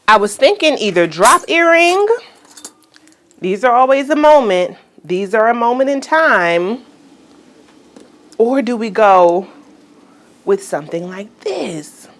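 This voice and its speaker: A woman fashion vlogger chatting casually through an outfit try-on, playful and exclaiming as she talks to her viewers. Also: mid-range voice. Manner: playful, exclaims "girl" and "y'all", chatty and animated. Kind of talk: casual try-on vlog chat.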